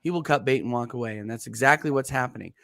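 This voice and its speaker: A man's voice: mid-range voice, fast talker, vocal fry, a bit bright, no room sound, studio quality. A man co-hosting a casual football talk show, ranting heatedly and stumbling over repeated words. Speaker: co-host of a football podcast. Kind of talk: casual chat.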